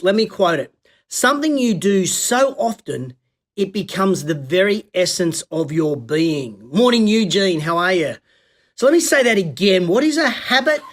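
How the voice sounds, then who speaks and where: A man's voice: high-pitched, fairly bright tone. Upbeat Australian man hosting live. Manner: upbeat, chatty, coach-like delivery with folksy slang. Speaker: host of a weekly live business show. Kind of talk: live-streamed solo talk greeting viewers.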